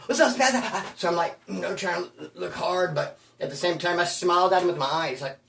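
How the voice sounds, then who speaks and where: A man's voice: sits high, steady tone, brisk, vocal fry, fairly bright tone, recorded from a distance, a little hiss or hum. A man hosting his channel, telling stories in a casual, slangy, self-mocking way. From Bakersfield, California. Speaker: channel host. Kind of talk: casual storytelling monologue. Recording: roomy sound, voice away from the mic.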